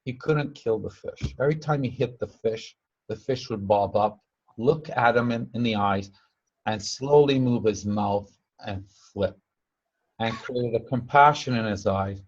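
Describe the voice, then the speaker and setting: A man's voice: on the low side, measured pace, muffled recording. A man giving an informal spiritual teaching talk. He rambles through stories, repeats himself and uses broken grammar, and raises his voice when he acts out the people he quotes.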